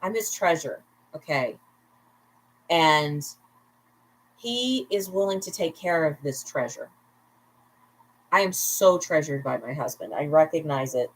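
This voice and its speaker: A woman with a low, husky voice hosts a casual livestream from home at bedtime. She is a little tipsy, rambles freely, laughs often and keeps turning aside to chat with her viewers. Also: a little slow, pauses often, low-quality recording. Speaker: vlogger, livestream host.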